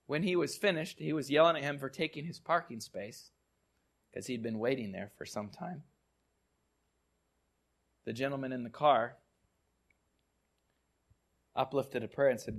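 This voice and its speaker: A man's voice: medium pitch, a little slow, long pauses. Man preaching a storytelling sermon. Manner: storytelling, repeats words, drops to quiet tones. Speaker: pastor.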